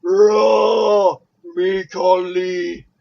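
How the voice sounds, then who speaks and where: A man putting on the voice of a hulking male wrestler who shouts slowly in broken grammar. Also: high voice, fairly even intonation, gravelly, exaggerated voice. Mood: bellowing. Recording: dull lo-fi sound.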